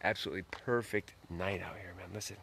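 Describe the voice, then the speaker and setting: A man's voice: sits low, fairly even intonation, fast, vocal fry, a bit bright, slight background noise. A man hosting a late-night live stream outdoors, greeting viewers by name and giving a folksy, earnest motivational talk.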